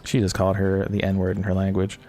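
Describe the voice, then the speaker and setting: A man's voice: low-pitched, monotone, fairly quick, mellow. A man streaming a video game, telling a long personal story in a rambling, casual way, swearing and laughing at himself. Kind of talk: casual storytelling while gaming. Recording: faint game music behind.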